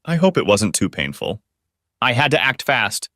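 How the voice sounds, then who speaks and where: Guy voicing a calm spirit guy, earnest advice, very dry audio. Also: medium pitch, normal speed, dry recording. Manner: earnest, questioning, advising. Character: calm spirit guide man, frank and earnest.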